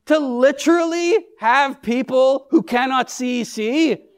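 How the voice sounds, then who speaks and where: Man, pastor, high-pitched voice, conversational sermon, quizzes the congregation, jokey. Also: slow pace, clean tone. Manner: engages the congregation with questions and humor.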